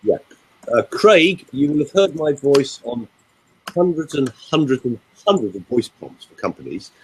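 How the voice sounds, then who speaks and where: An older man, a voice coach, chatting in a casual webinar and telling animated stories. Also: medium pitch, moderate pace, a little hiss or hum, rough recording.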